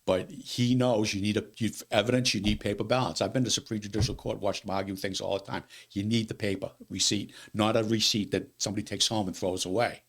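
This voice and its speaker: Brief: man, elections official, rapid gravelly delivery, animated, repeats himself, studio interview. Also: lowish voice. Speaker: city elections director. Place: local TV studio.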